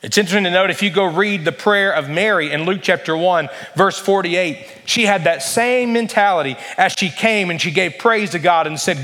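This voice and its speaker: An earnest male pastor preaches with a fairly high voice, pressing his points and stretching key words for weight. His voice rings with a long reverb from a large church hall. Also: moderate pace, few pauses, bright, forceful tone. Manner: earnest, emphatic, varies pace for emphasis. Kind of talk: sermon.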